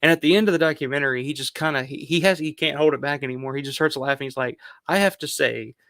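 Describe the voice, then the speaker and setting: A man's voice: on the high side, quick pace, fairly bright tone, dry recording, clean studio sound. A man hosting a film countdown video, talking casually and rambling with lots of fillers and the odd swear word. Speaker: film review channel host.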